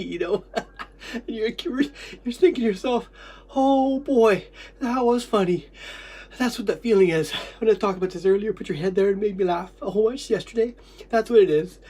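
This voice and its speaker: A man's voice: sits high, darkish tone, breathy edge. A stuffed-up, short-of-breath man talking alone, breaking into laughing fits and coughing and swearing freely. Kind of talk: rambling solo monologue. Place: kitchen.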